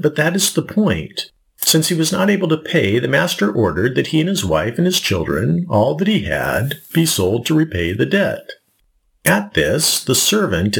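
A man's voice: medium pitch, vocal fry. A male pastor preaching a sermon, explaining scripture with rhetorical asides and questions to the congregation.

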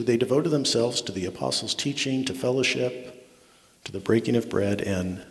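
A man's voice: on the low side, creaky. A man preaching a sermon as a pastor, earnest, often restarting words and checking in with "right?". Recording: long reverb of a large hall.

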